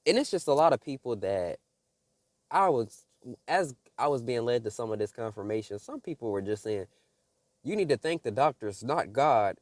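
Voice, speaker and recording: A man's voice: mid-range voice, darkish tone, no room sound, clean studio sound. A man giving casual spiritual commentary to his viewers, preachy and urgent, often calling them "y'all.". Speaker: religious video creator.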